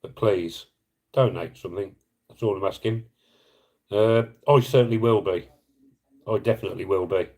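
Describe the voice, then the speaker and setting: A man talks on a live stream in a fairly low voice. He is earnest and emotional, rambling a little and apologising as he goes, and he breaks off to thank viewers by name in casual chat. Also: normal speed, pauses often, darkish tone, low-quality recording. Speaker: live streamer appealing for donations.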